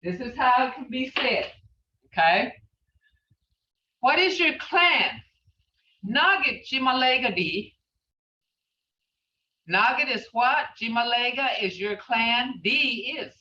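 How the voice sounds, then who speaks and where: A woman's voice: on the high side, bright, forceful tone, far from the mic. A woman teaching a language class, patiently repeating phrases as she explains them. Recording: muffled, roomy, from off mic.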